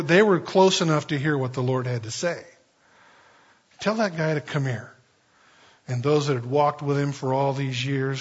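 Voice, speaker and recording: A man's voice: medium pitch, breathy edge, lo-fi sound. A man preaching a sermon in a loose, conversational way, rambling with many fillers and restarts. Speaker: pastor.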